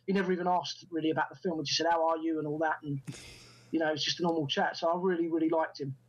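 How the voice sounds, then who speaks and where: A man's voice: fairly high pitch, level tone, racing, muffled recording. A middle-aged man, a guest actor and director, telling anecdotes in an interview and acting out the dialogue he quotes. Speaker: guest, actor and first-time film director. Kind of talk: casual storytelling in an interview.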